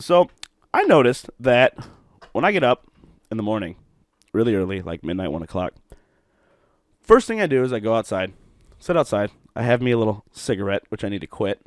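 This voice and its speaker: A man's voice: on the low side, sing-song, fairly quick, pauses often, dry recording, clean studio sound. A middle-aged man from Ohio hosting a solo podcast, rambling, swearing and mocking himself. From Ohio, USA. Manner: rambling, profane, self-mocking. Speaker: podcast host.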